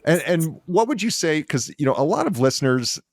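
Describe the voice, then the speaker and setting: A man's voice: fairly high pitch, sing-song, brisk, background noise. A man in his fifties hosting a podcast interview, asking long, enthusiastic, rambling questions. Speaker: podcast host. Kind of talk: casual interview.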